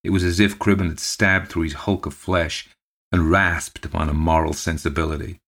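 A man with a deep, low voice reads a ghost story aloud for his podcast. His delivery is measured and steady, carrying the narration line by line.

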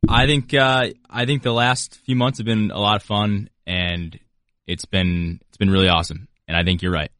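A slightly low-voiced man chimes in on a radio talk show, relaxed and a bit hesitant, circling his point. His voice is recorded dry. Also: moderate pace, no room sound.

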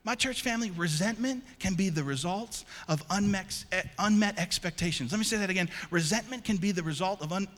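A man's voice: high voice, a little fast, few pauses, fairly bright tone. A man pastor preaching a sermon in a church, emphatic and repetitive, calling out to his congregation and asking them to respond. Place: church sanctuary. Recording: long church-hall reverb.

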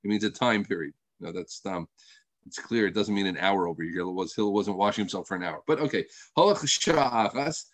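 A man's voice: deep voice, quick pace, no room sound. A man teaching a religious text lesson, telling the story with rhetorical questions and asides. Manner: animated storytelling, rhetorical questions, trailing off softly.

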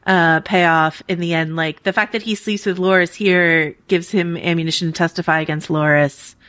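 A woman's voice: fairly low pitch, fairly even intonation, moderate pace, a bit bright. A woman hosting a podcast in casual chat, enthusiastic and gushing. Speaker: podcast host.

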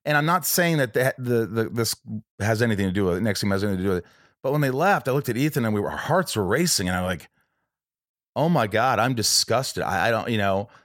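A man's voice: lowish voice, fast talker, dry recording. Guy rambling through a story, lots of restarts, dead dry mic sound. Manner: rambling, many restarts, animated retelling of quotes. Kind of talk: casual storytelling chat.

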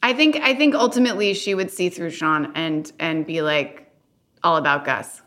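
A woman's voice: on the low side, normal speed, a bit bright. A woman co-hosting a casual rewatch podcast, chatty and giggly as she reads out fan questions. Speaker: podcast co-host.

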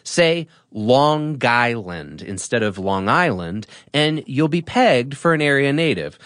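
Lively male podcast host, dry studio. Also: medium pitch, dry recording. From Boston area. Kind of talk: scripted explainer narration.

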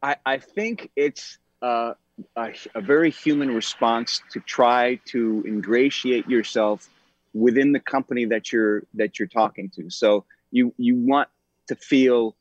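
Male actor guest, mid-pitched, halting and thoughtful, dry slightly muffled studio sound. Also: dry recording. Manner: thoughtful, hesitant, many fillers. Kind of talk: conversational interview.

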